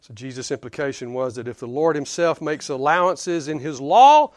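A man's voice: on the high side, expressive, moderate pace, no echo, studio quality. A man with a Southern US accent preaching a sermon in a conversational, emphatic way, chuckling between points. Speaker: pastor.

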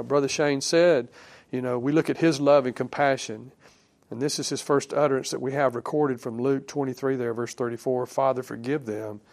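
A male preacher delivers a sermon conversationally, thinking aloud with fillers and restarts. His voice is on the high side, and when he quotes scripture it turns softer and drops.

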